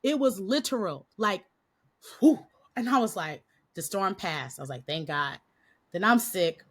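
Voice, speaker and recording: A woman's voice: mid-range voice, moderate pace, slightly rough. A woman guest on a podcast, a Christian coach, animatedly telling a story with frequent laughs and a slightly nasal voice from a cold. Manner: animated, laughing often, acts out quotes. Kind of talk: casual storytelling interview.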